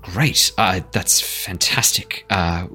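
A man doing a frazzled half-elf gentleman who trips over his words and curses freely. His voice is low and husky, with soft music behind him. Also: exaggerated voice. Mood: relieved. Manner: rambling, stammering, quick to curse. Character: flustered, swearing half-elf man, relieved.

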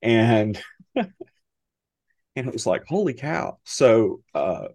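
A middle-aged man, a podcast guest, telling a personal story in a halting, emotional way with many restarts. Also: fairly low pitch, lively intonation, vocal fry, a little mellow, no echo, clean studio sound. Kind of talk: conversational storytelling.

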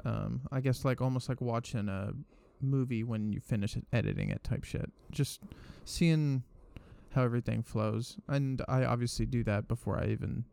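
Twenties guy, gravelly voice, rambly swearing podcast host. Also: medium pitch, steady tone, normal speed, warm tone, no echo. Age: 20s. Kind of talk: casual chat.

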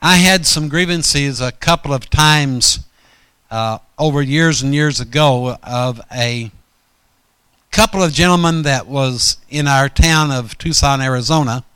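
A man's voice: mid-range voice, unhurried, bright, forceful tone, clean tone, no room sound. A man preaching a storytelling sermon in a folksy, rambling way, often correcting himself mid-sentence.

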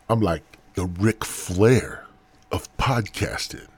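A man's voice: low voice, expressive, unhurried, pauses often, a little mellow, breathy edge, dry recording. A middle-aged man hosting his own podcast, rambling through a crude, profane comedic monologue from home. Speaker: podcast host.

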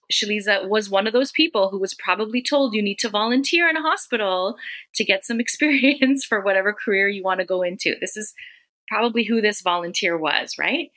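A middle-aged woman, a podcast guest, telling a personal story in an animated, conversational way. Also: mid-range voice. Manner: animated, acts out quoted people.

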